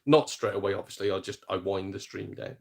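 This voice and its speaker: A man's voice: low-pitched, brisk, vocal fry. Chatty man streaming games. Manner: chatty, jokey and self-mocking, with mild swearing. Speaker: gaming streamer. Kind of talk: casual live stream chat, reading chat messages.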